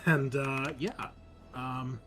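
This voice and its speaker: A man running a tabletop game as game master, narrating the scene in a relaxed, chatty way. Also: medium pitch, very slow, soft background music.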